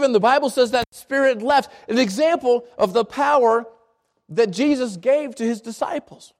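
A man's voice: extremely high pitch, moderate pace. A man preaching a sermon in an earnest way, often repeating and restarting his phrases. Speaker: pastor.

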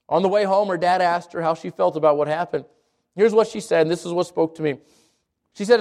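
A man with a high voice preaches to his congregation. He keeps asking rhetorical questions and often stumbles and repeats words before pressing on. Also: a little fast, a little mellow. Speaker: pastor. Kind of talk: sermon.

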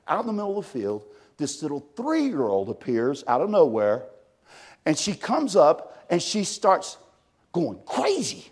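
A man preaching a sermon, telling a story with a slightly high, husky voice. He is animated, jumping from loud bursts to hushed, near-whispered lines as the story builds. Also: a little slow.

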